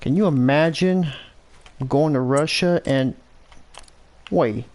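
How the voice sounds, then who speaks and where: An American man talks unhurriedly over a hunting game in a fairly high voice, rambling from thought to thought. He often stops to correct himself mid-sentence. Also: slow, darkish tone. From United States. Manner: rambling and self-correcting, thinking aloud. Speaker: gameplay commentator. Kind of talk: casual gameplay commentary.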